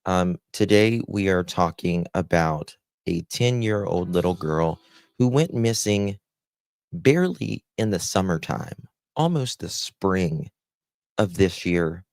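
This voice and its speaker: Low gravelly guy doing a live stream, slow and soft, calls everyone honey, dry close sound. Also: expressive, no room sound. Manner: slow, heartfelt, greets viewers by name with endearments. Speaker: livestream host. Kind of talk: live stream chat with viewers.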